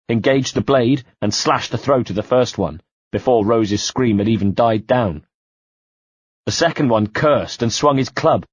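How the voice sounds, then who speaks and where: A man narrating an audiobook in the first person, measured and quietly tense. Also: mid-range voice, breathy edge, no echo. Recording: dull dry home-studio sound.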